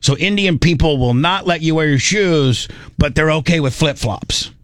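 A man's voice: a little high, moderate pace, no room sound. Rambling man hosting a podcast. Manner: rambling, loose and irreverent. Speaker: podcast host. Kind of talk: casual chat.

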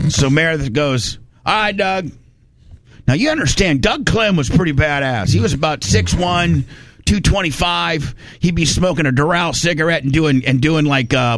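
A man from Indiana, telling a rambling, folksy story in casual chat. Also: a little high. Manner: rambling, folksy, animated when quoting people.

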